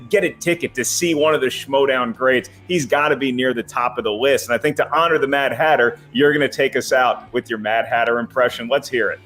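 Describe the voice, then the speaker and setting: A man co-hosting a trivia competition show, ribbing his partner as he breaks down the match. His voice sits at a plain middle pitch, and his delivery is wry and playful. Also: fairly bright tone. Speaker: co-host. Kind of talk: playful banter and analysis.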